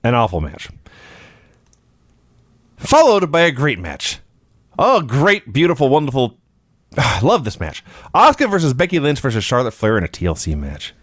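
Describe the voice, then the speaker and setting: A man's voice: medium pitch, huge pitch swings, normal speed, pauses often, no echo, clean studio sound. A man co-hosting a casual podcast, scornfully picking apart a wrestling show and mocking its lines. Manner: scornful, mocks lines in loud put-on shouts. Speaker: podcast co-host. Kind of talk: casual profane wrestling review chat.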